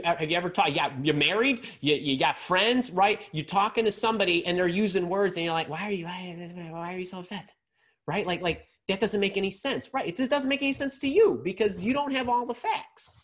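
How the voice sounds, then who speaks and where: A man giving a live leadership lesson to an audience as a career coach, energetic, with frequent repeated words and constant checks of "right?", swinging his pitch and loudness for emphasis.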